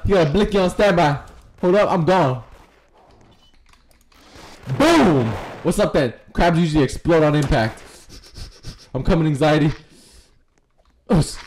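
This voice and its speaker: A man's voice: a little high, a little mellow, slight background noise. A man giving crude, joking commentary while playing a game online, trash-talking other players. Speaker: gaming streamer. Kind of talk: casual gameplay commentary.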